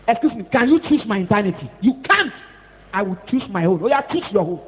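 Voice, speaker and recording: A Nigerian-accented woman pastor preaching a scolding, animated sermon, mixing in Pidgin and Yoruba and rising to shouts at times. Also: medium pitch, quick pace. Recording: tinny phone-like echoey hall.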